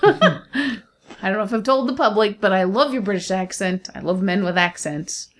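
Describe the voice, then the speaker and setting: A woman co-hosting a casual podcast, talking in an everyday mid-range voice. She is chatty and animated, and laughs easily as she goes. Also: mid-range voice, normal speed. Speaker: podcast co-host. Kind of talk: casual chat.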